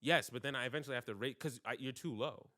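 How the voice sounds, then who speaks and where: A man's voice: medium pitch, quick pace, pushed and bright. A young man hosting a podcast in casual chat, blunt, teasing and profane. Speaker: podcast host.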